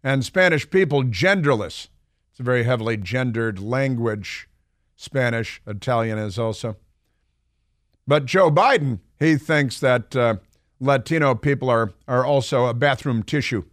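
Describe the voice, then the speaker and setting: A man's voice: mid-range voice, lively intonation, a little slow, no room sound. A man holds forth on talk radio in a sarcastic, mocking tone, his voice sitting in an ordinary middle register. The studio sound is close and dry, with no room around it. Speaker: radio talk show host. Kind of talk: opinion talk radio monologue.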